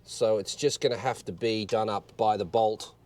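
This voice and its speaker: A man's voice: on the low side, fairly even intonation, moderate pace, darkish tone, slight background noise. A man filming himself in his garage as he works under a car, grumbling and swearing at the job and joking at his own expense. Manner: grumbling, swearing, self-mocking asides. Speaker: car vlogger. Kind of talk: casual self-filmed garage vlog. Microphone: external mic on action camera.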